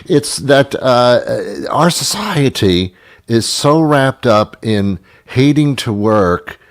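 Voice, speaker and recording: A man's voice: medium pitch, expressive, slow pace. A man hosting a casual radio chat, wisecracking and incredulous. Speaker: radio host.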